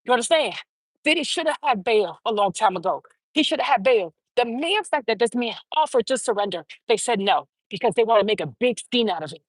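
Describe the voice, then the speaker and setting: High husky woman ranting heatedly. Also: expressive, brisk, no echo. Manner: heated, profane, repeats phrases for emphasis. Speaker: show host. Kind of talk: opinionated commentary rant.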